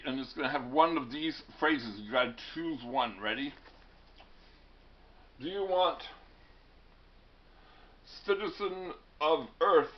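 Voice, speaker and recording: A man's voice: mid-range voice, muffled recording. A male teacher giving a classroom lecture in a wry, digressive way, often stumbling and restarting words.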